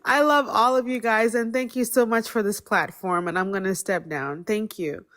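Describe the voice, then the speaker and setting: A woman's voice: medium pitch, normal speed, fairly bright tone. A woman speaking up on a live stream, emotional and grateful, rambling with many restarts. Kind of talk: heartfelt casual chat.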